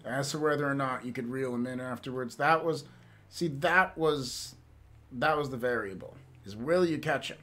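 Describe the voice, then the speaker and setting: A man's voice: mid-range voice, normal speed, bright, forceful tone. A man streaming and chatting casually with viewers, rambling and laughing often, with some swearing.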